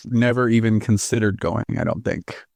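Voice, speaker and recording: A man's voice: fairly low pitch, normal speed, gravelly, a little mellow, no echo. A man co-hosting a horror podcast, rambling and goofy in casual chat. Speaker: podcast co-host.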